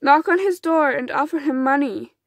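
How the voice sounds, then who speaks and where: A woman's voice: high-pitched, moderate pace, dry recording, clean studio sound, pitched above the performer's own voice. A woman reading as a desperate grieving mother. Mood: pleading. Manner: urgent, pleading. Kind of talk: storybook reading.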